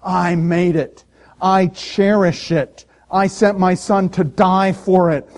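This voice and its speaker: A man's voice: sits high, fairly even intonation, slow pace, a little mellow, pitched above the performer's own voice. A man voicing God as a loving, tender deity, speaking fervently in a sermon. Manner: fervent, pleading.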